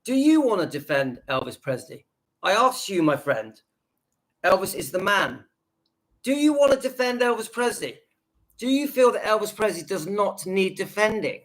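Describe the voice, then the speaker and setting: Indignant high-voiced man ranting. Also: big pitch swings, moderate pace, a bit bright. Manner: indignant, emphatic, repeats himself. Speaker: YouTube channel host. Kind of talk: ranting reaction video.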